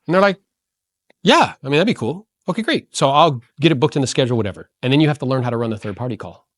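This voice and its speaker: Blunt and slangy, this medium-pitched real estate coach delivers rapid-fire advice to agents, animatedly playing the parts of callers and quizzing his audience. The recording is dry and studio quality.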